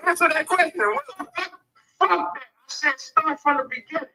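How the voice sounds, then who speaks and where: Dude mocking someone, crude and taunting, super high sharp voice. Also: male voice, a little fast, a little hiss or hum, low-quality recording. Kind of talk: casual trash-talk clip.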